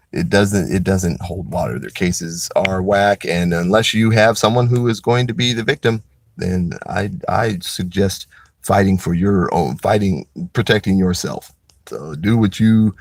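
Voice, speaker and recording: A man's voice: sits low, a little mellow, no room sound, studio quality. A man in a casual, rambling monologue, blunt and profane, with lots of restarts as he talks.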